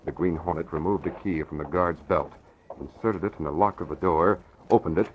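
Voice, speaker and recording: A man narrating an old radio drama in a measured, dramatic storytelling manner. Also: low-pitched, steady tone, slight background noise. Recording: dull lo-fi old radio recording with music.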